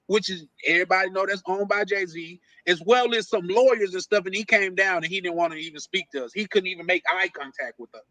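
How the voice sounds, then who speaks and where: A man hosting a casual live stream from his basement office, asking teasing questions in a halting, repetitive way. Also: high voice, bright, forceful tone, no room sound, poor audio. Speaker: stream host.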